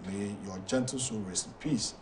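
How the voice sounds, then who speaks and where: A man with a Ghanaian accent hosting a talk show, reading viewer messages aloud in a halting way with many fillers. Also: lowish voice, far from the mic, noisy background.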